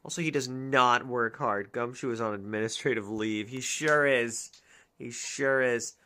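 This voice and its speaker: A woman's voice: very deep voice, a little slow, pushed and bright. A woman streamer chatting casually and musing aloud to her chat as she plays a dating game. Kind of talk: casual gameplay commentary.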